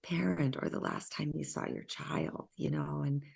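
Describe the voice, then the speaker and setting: A woman hosting an interview, talking reflectively in a halting, soft-spoken way with many pauses. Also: deep voice, big pitch swings, gravelly, breathy edge. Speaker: interview host.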